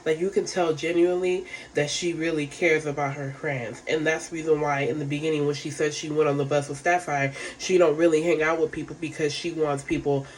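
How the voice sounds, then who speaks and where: A woman's voice: sits low, fairly even intonation, a little fast, hardly any pauses, a little hiss or hum. A woman giving a casual, rambling recap of a reality show, frank and profane, full of fillers.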